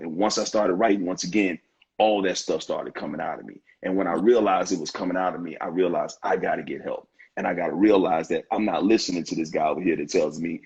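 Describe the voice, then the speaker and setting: A man in his fifties with a very raspy, gravelly voice, speaking earnestly and with heartfelt emphasis. He restarts and repeats phrases as he works through his points. The sound is dull and lo-fi, like a streamed interview. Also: deep voice, brisk. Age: 50s. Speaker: interview guest, author. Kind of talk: earnest conversational interview talk. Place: online live-stream interview.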